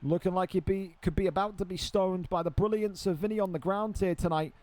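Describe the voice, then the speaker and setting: Young man, excitable play-by-play game caster, swears freely, slightly high voice. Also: brisk. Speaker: esports fight commentator. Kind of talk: live play-by-play game commentary.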